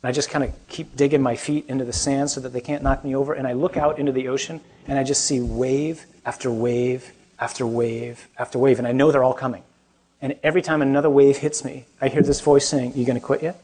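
A man's voice: medium pitch, fairly even intonation, brisk, darkish tone. A man, a Catholic priest, giving a conversational talk to a young adult group, asking the audience questions and adding joking asides.

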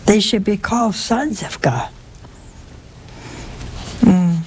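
A woman's voice: medium pitch, expressive, slow, darkish tone, a little hiss or hum. A woman preaching a sermon in a folksy way, full of rhetorical questions and exclamations.

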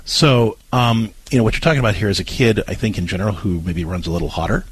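A man's voice: lowish voice, fast talker, slightly rough, no room sound. A man hosting an advice talk show, explaining parenting in an earnest, patient way with frequent restarts.

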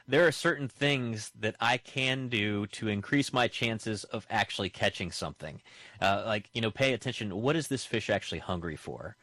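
A man hosting a conversation, relaxed and thoughtful, with some fillers. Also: lowish voice, dry recording. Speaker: host. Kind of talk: conversational interview.

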